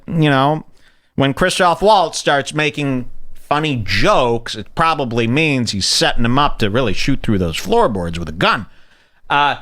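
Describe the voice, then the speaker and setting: A man ranting through a comedic video commentary, swearing freely as he mocks the clip. His voice is bright and edgy, and it jumps around a wide, lively range. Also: medium pitch. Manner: profane, ranting, animated. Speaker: host.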